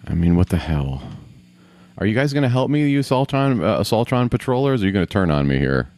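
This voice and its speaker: A man's voice: lowish voice, very animated, quick pace, darkish tone. A man casually commenting on a video game as he plays, grumbling, swearing and talking to himself. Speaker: gamer.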